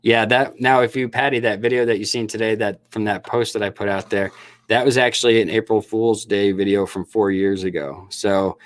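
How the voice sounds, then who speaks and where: A man's voice: lowish voice, fairly even intonation, normal speed, no echo. A middle-aged man from Michigan's Upper Peninsula chatting casually with viewers on his livestream, laughing often and restarting his sentences. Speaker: livestream host and snake breeder.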